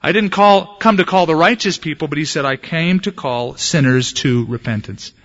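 A man's voice: on the high side, normal speed, a bit bright, lo-fi sound. A man preaching a sermon to his congregation, telling anecdotes in a conversational way and rising to emphatic bursts. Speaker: pastor.

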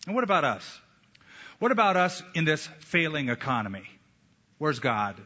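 A man preaching a sermon as a pastor, emphatic, with slow deliberate pauses. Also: a little high, big pitch swings, sharp tone. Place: church sanctuary. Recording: echoey hall, dull lo-fi sound.

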